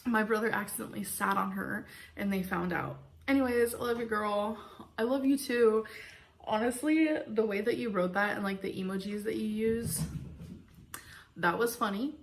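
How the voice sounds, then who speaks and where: A woman's voice: medium pitch, steady tone, moderate pace. Chatty, giggly woman YouTuber. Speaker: YouTuber reading viewer secrets. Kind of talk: casual video chat.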